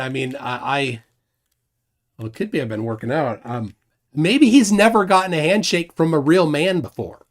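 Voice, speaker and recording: A man's voice: on the high side, normal speed. A middle-aged man hosting a casual live stream, joking and rambling with self-deprecating asides.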